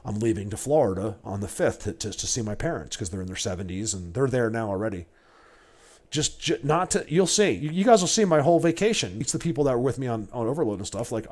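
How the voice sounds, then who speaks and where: A man in his forties chatting casually to his livestream viewers, rambling and emotional, often stammering and repeating words. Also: fairly low pitch. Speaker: livestreamer and Bigfoot hunter.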